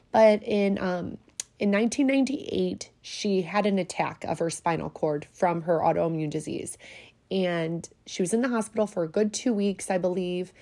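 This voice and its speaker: A woman's voice: medium pitch, mellow. A middle-aged woman hosting a podcast, speaking heartfelt and getting choked up as she pays tribute. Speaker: podcast host. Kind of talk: personal tribute monologue.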